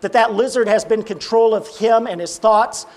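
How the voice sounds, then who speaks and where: A man preaching, telling a parable and acting out its dialogue, often dropping low and quiet. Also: normal speed. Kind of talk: sermon storytelling.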